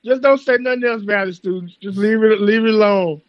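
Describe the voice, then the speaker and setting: Dude with a high voice hyped up and teasing his buddies on a podcast. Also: brisk, dull audio. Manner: excitable, teasing, laughing. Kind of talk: casual chat.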